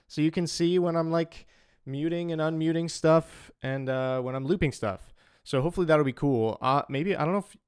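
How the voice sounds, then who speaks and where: A young man chats casually with his livestream audience and greets viewers by name, rambling loosely as he goes. His voice is smooth and clear, with a mid-range pitch. It is recorded close and dry, with no room echo. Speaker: streamer and musician.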